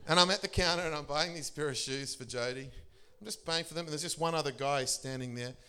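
Animated man preaching a sermon. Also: fast talker, smooth. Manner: animated storyteller, laughing often, pitch leaping for emphasis. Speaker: pastor. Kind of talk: sermon testimony.

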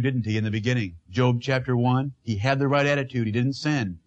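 A man's voice: medium pitch, fairly even intonation, fairly quick, few pauses, dull audio. A man preaching as a pastor, emphatic, asking his listeners questions and repeating a refrain. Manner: asks the congregation questions. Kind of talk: sermon.

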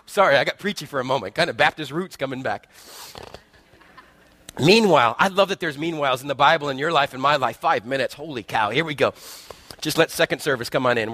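Quick and sharp-toned at medium pitch, a man delivers a sermon as a guest preacher. He tells a parable, voicing its characters and trading jokes with the congregation.

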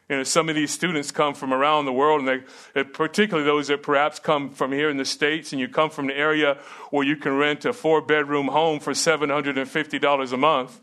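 A man's voice: on the high side, flat delivery, a little fast, pushed and bright. A middle-aged man preaching a sermon and teaching at a seminary, earnest and emphatic with rhetorical questions.

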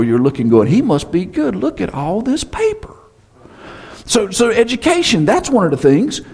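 A man preaches to his congregation in a lively, up-and-down voice. He keeps asking rhetorical questions and slipping in teasing jokes. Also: mid-range voice. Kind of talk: sermon.

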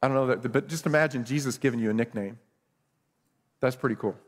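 A man's voice: mid-range voice, quick pace, big-room sound. A middle-aged male pastor preaching a conversational sermon with self-deprecating humor.

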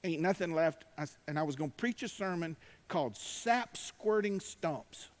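A man preaching a sermon, emphatic and swinging between loud declarations and quiet asides. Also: on the high side, expressive, moderate pace. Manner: emphatic, rising to shouts, drawling asides. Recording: long hall reverb.

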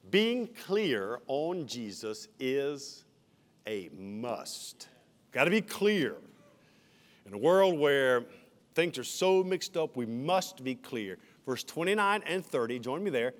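A man preaching a sermon as senior pastor, emphatic with shifting dynamics. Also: fairly high pitch. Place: church sanctuary. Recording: reverberant church hall.

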